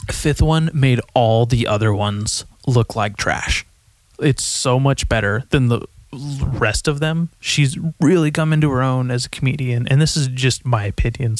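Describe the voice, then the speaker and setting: A man's voice: medium pitch, dry recording. A young man hosting a solo podcast, rambling profanely and correcting himself often. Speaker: podcast host.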